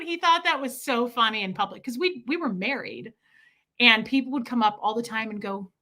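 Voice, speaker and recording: A woman hosting a livestream, answering viewer questions in a casual, animated, rambling way. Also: fairly high pitch. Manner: animated rambling storytelling, quick bursts. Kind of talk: casual chat.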